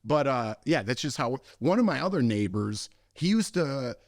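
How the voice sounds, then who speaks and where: A young man co-hosting a podcast, telling a story with lively acted-out voices and frequent laughs. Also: mid-range voice, moderate pace, no echo, clean studio sound. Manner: animated storyteller, acts out voices, laughs often. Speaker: podcast co-host. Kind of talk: casual storytelling chat.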